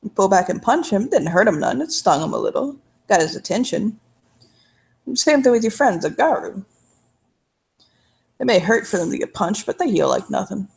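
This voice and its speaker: A woman's voice: medium pitch, lively intonation, normal speed, vocal fry, long pauses. A woman playing her character in a tabletop role-play game, telling a long, folksy, rambling story in character.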